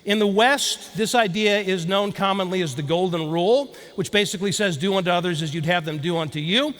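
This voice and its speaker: A man's voice: high voice, fairly bright tone. A man giving a motivational keynote speech, telling a story and speaking directly to the audience. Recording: long hall reverb.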